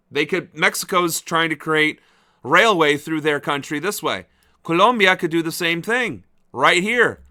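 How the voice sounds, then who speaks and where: A man riffing on a political livestream in loose commentary. His voice sits slightly high and rings bright and forceful. He is sarcastic and incredulous and swears freely.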